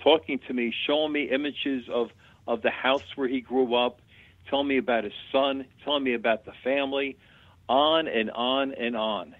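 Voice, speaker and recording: A man's voice: medium pitch, steady tone, brisk, no room sound. A man who works as a medium, a guest telling chatty, plain-spoken anecdotes in an interview. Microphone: phone call. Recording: tinny dry phone line.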